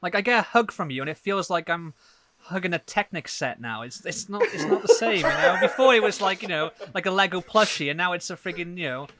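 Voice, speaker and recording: A man's voice: high voice, animated, brisk, bright, forceful tone. A man hosting a casual podcast chat, asking his guests questions and teasing them playfully. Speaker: podcast host.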